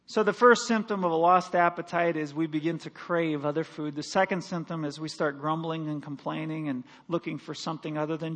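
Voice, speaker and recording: A man pastor delivering a sermon, swinging between loud, slow declarations and quiet, quick asides. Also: sits high.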